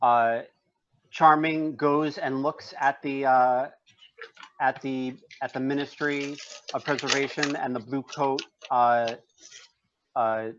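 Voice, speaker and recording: Male game master, halting descriptive narration, slightly dull lo-fi sound. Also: mid-range voice, fairly even intonation.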